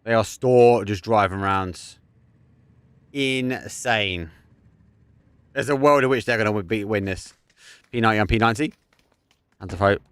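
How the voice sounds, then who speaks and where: A man giving live play-by-play commentary on an esports match, excitable and prone to bursting into shouts and laughter at big plays. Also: medium pitch, no room sound. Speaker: esports caster.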